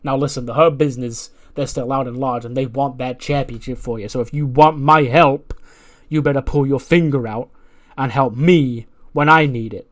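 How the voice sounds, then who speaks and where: A hot-headed male wrestler confronts his partner in a loud, ranting rush, played by a man. Every line pushes forward with aggression. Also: medium pitch, steady tone, moderate pace, close to an everyday voice. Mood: angry.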